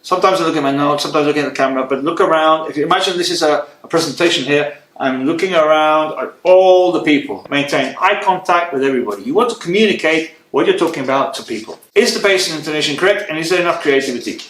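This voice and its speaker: A man teaching presentation skills to camera, brisk and direct, often checking in with "okay?" while holding a microphone. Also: on the high side, fairly bright tone, slight background noise. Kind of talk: lecture to camera. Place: room with a writing board. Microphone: handheld microphone. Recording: echoey room.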